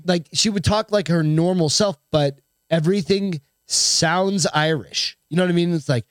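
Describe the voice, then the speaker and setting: A man co-hosting a casual podcast, his voice sitting a little high for a man. He rambles through stories with fillers and easy swearing. The sound is dry and close to the mic. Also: moderate pace, smooth, no echo. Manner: loose, swearing banter with frequent fillers. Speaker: podcast co-host. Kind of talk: casual chat.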